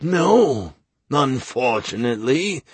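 A man doing a quiet, probing masked councilman. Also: medium pitch, sing-song, slow pace, slightly rough, no room sound, pitched above the performer's own voice, exaggerated voice. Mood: cool. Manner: quiet, pointed questioning.

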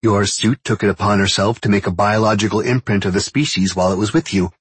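Male narrator playing a commanding woman officer, crisp and dry-witted, raised pitch, close dry sound. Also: fairly even intonation, fast talker, no echo. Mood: brisk. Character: brisk senior woman officer giving orders.

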